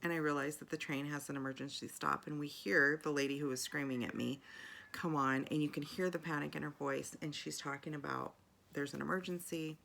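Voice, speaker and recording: Low gravelly-voiced woman telling a story. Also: steady tone, fairly quick, a bit bright. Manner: chatty, rambling, many fillers and restarts. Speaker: video journal vlogger. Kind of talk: casual personal storytelling.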